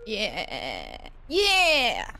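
A woman giving excitable, chatty gameplay commentary while playing a horror game. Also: mid-range voice, drawn-out words, vocal fry, music in the background. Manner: excitable, chatty, laughs often. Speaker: game streamer.

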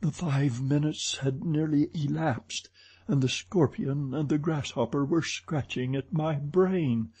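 Guy reading an audiobook, super slow, dark husky voice. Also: fairly high pitch. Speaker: audiobook narrator. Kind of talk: scripted narration.

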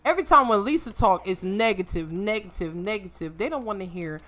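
A woman giving casual let's-play commentary, animated and joking, swearing freely and scolding the characters on screen. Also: medium pitch, a little fast. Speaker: gaming streamer.

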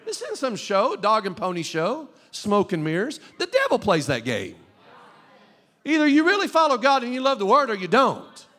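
A male pastor preaching a fervent sermon in a church, at times rising to shouts. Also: extremely high pitch, wildly swooping pitch, normal speed. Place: church sanctuary. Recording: long hall reverb.

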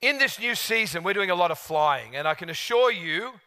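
A man preaching a sermon, a gregarious and animated storyteller. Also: high voice, normal speed. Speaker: guest preacher.

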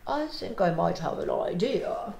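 A woman voicing a kindly father mouse who speaks slowly and gently. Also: medium pitch, big pitch swings, vocal fry. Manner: slow, gentle delivery. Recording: roomy echo.

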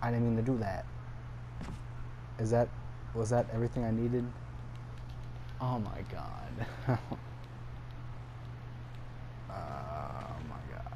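A young man giving casual let's-play commentary, exasperated, swearing and laughing at his own mistakes, recorded late at night at home. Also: medium pitch. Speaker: gameplay commentator. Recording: steady background noise.

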